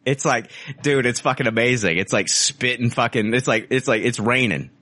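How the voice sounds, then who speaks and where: A man's voice: mid-range voice, normal speed, pushed and bright, no room sound. A man hosting a casual podcast chat, loose and profane, joking around. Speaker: podcast host.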